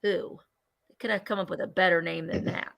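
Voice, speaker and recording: A woman's voice: fairly low pitch, steady tone, moderate pace, gravelly, a bit bright. A woman hosting a live vintage sale, chatting casually and counting down bids aloud. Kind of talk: casual live-stream selling chat.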